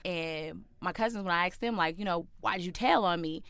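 Telling a personal story to a listener, a young woman speaks at normal speed in a smooth, slightly low voice, full of animated energy. When she quotes people, she jumps into high, loud voices. The recording is dry and close, with no room sound.

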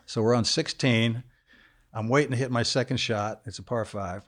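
An older man settles into a podcast studio chair and rolls out a raunchy story in a loose, unhurried way. His voice sits at an ordinary, middle pitch and he breaks into chuckles at his own tale. It sounds like a relaxed studio chat with old friends. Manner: laid-back, crude anecdote told with chuckles. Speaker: podcast guest, former football player. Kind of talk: casual storytelling interview.

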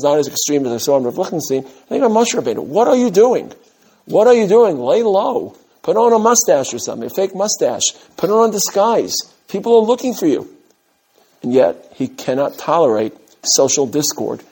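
A man, from Brooklyn, giving an animated mussar talk to his students as a rabbi, with emphatic rises and humorous asides. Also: a little high, breathy edge. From Brooklyn, USA. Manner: direct address to his students.

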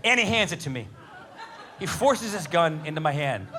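High-pitched guy doing stand-up, super lively voice, noisy club. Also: moderate pace, some chatter behind. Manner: animated storytelling, swearing. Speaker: stand-up comedian. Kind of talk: stand-up comedy set. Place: comedy club stage.

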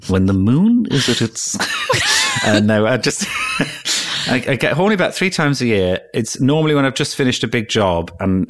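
A man with a very low voice chats loosely on a podcast. He tells self-mocking stories, full of ums, false starts and quick jokes. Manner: chatty, self-mocking storytelling with frequent ums and restarts. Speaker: guest. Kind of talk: casual podcast chat.

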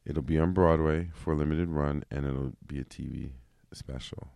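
A man's voice: rumbling low, fairly even intonation, moderate pace, gravelly, warm tone, no echo. A man from New York, a guest actor talking expansively in a casual podcast conversation, with lots of "you know.". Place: podcast booth.

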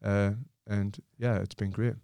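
A man's voice: lowish voice, level tone, a little slow, gravelly, warm tone, clean tone, no echo. A man, a podcast guest, telling stories in casual chat, swearing and often restarting his sentences.

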